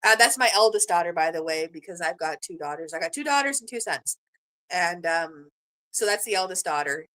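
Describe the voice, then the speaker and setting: A woman's voice: lowish voice, expressive, brisk, sharp tone. A middle-aged woman, a grandmother from Canada, chatting casually with viewers on her live stream, rambling and gushing with many fillers. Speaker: livestream host.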